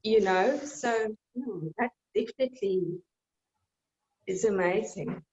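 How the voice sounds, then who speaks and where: A woman sharing her experience in a meditation class, speaking slowly and reflectively with some hesitation. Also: mid-range voice, darkish tone. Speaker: meditation student. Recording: dull lo-fi video call audio.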